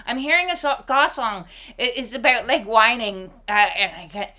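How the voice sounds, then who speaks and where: A woman giving a casual, reflective oracle card reading, with expressive asides and casual swearing. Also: a little high, moderate pace.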